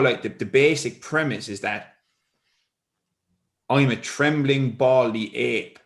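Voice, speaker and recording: A man with a lowish voice co-hosts a podcast and works through an idea out loud. He is thoughtful and explanatory, and he often restarts his sentences as he builds each point. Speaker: podcast co-host. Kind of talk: explanatory conversation.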